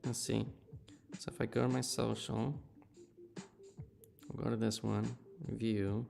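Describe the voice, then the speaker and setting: A man's voice: on the low side, level tone, slow pace, vocal fry, darkish tone, soft background music. A man in his thirties chatting casually on a game live stream, telling a story and laughing at himself. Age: 30s.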